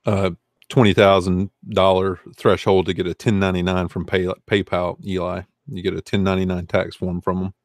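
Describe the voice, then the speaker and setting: A man's voice: low voice, little pitch movement, a little fast, no echo, studio quality. A man with a Southern US accent hosting a casual livestream, rambling and answering chat comments. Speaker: eBay reseller hosting a livestream.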